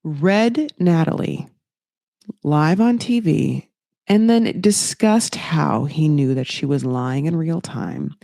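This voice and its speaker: Her voice sits low and sounds gravelly as she talks slowly, a young podcast host casually recapping a reality show with frequent swearing. She performs quotes in mocking, varied voices, recorded in studio quality with no echo.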